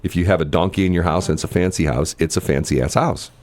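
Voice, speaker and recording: A man's voice: deep voice, fast, crowd noise. A man hosting a morning radio show, telling rambling stories with jokey asides in casual chat. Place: radio studio. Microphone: studio microphone.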